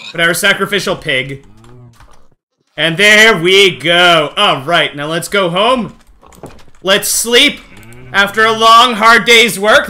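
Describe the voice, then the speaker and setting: A man streaming a game live, talking excitedly to his chat and coaxing the animals along, often shouting and laughing. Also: sits high. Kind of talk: excited live gameplay commentary.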